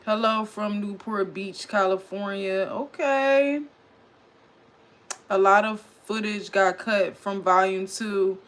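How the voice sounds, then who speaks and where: Bright, excitable woman streaming live. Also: mid-range voice, slow pace. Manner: animated, loud, reading chat aloud. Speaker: livestream recap host. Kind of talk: casual livestream chat.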